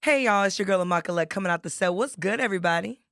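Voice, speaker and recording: Hoarse, gravelly woman podcast co-host. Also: medium pitch, very fast, fairly bright tone, dry recording, studio quality. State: hoarse, voice nearly gone. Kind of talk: casual chat.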